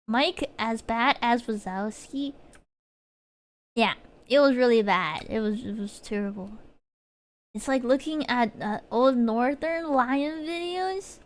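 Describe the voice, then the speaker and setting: A woman's voice: fairly high pitch, a little slow. A woman streamer chatting casually, rambling and giggling, with lots of fillers and restarts. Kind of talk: casual chat while streaming. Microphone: desk mic.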